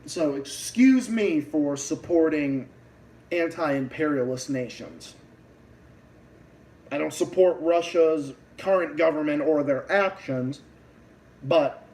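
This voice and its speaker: A man's voice: a little high, slow, pauses often, darkish tone, distant mic, rough recording. Ranting Boston man, set back from the mic. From Massachusetts. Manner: heated, profane ranting with many restarts. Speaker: livestream host. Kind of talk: political rant on a livestream.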